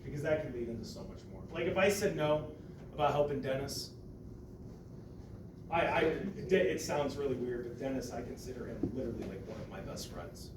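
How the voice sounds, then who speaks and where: Animated storyteller man in echoey room. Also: medium pitch, brisk. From Ohio, US. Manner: animated storyteller, acts out quotes loudly, swears casually. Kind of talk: casual podcast chat. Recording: echoey room, mic at a distance, background noise.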